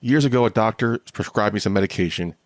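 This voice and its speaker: A man's voice: fairly low pitch, fast talker, no echo, clean studio sound. A man hosting his own podcast, talking candidly and a bit ramblingly in a casual solo monologue. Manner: candid, rambling, self-deprecating. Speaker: podcast host.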